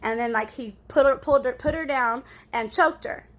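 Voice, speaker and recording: A woman's voice: high-pitched, moderate pace, fairly bright tone. A woman in a casual storytime monologue, rambling and cussing as she talks to her viewers and keeps asking "right?".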